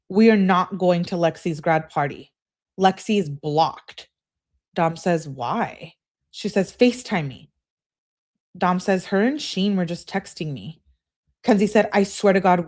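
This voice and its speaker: A woman hosting a true-crime channel, reading a couple's text messages aloud in a casual way and breaking off for quick remarks of her own. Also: lowish voice, darkish tone. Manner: reads texts aloud, breaks off with quick asides. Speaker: host reading case evidence.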